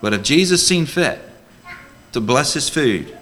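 A man's voice: mid-range voice, very animated, unhurried, fairly bright tone, a little hiss or hum. A man preaching a sermon to a church congregation as a deacon, earnest and emphatic, full of rhetorical questions.

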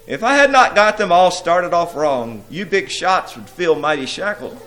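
A man's voice: high voice, expressive, normal speed, sharp tone, slight background noise, pitched above the performer's own voice. A man playing a cackling little imp. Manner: cackling, boastful. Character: cackling male imp of carnal courtship.

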